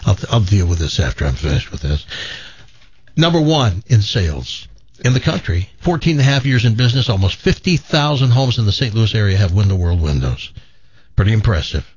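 A husky Southern man hosting radio, relaxed and chatty, slipping jokey asides into a live ad read. His voice is mid-pitched and sits dry and close. The audio is a touch dull and lo-fi. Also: a little fast, dry recording. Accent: Southern American. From Tennessee. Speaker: radio host.

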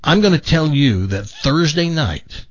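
A man's voice: on the high side, measured pace, muffled recording. A man hosting a radio talk show, chatting casually and telling a long joke with voices for its characters. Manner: animated storyteller, voices characters in jokes.

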